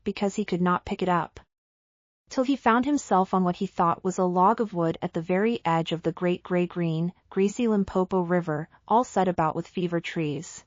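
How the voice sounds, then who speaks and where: A woman narrating a simple storybook for English learners, slow and careful. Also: lowish voice, no room sound, dull audio.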